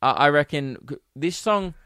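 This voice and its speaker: A man's voice: fairly high pitch, expressive, moderate pace, pushed and bright, smooth, no echo, studio quality. A young man, hosting a casual solo podcast, rambling and giggly with lots of fillers. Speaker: podcast host and comedian.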